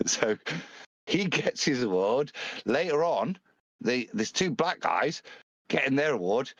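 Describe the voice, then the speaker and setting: A man's voice: medium pitch, fairly bright tone, dry recording, dull audio. A man from the United Kingdom co-hosting a casual live stream, talking bluntly and crudely with frequent restarts. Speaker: co-host.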